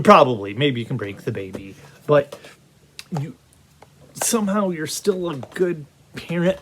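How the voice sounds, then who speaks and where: A man giving a casual video game review, talking in an animated, rambling way full of restarts. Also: a little high, a little hiss or hum.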